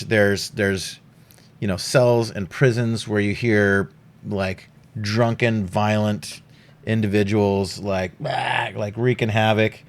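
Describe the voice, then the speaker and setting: A man's voice: fairly low pitch, clear, resonant tone. A man narrating a tabletop game as game master, casual and rambling with lots of fillers and swearing.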